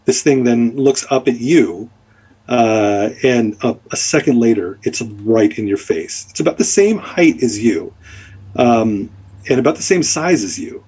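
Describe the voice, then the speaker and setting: A man's voice: mid-range voice, animated, a little slow, mellow, breathy edge. A man narrating as dungeon master, rambling and full of fillers as he describes the scene. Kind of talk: narrating a tabletop game.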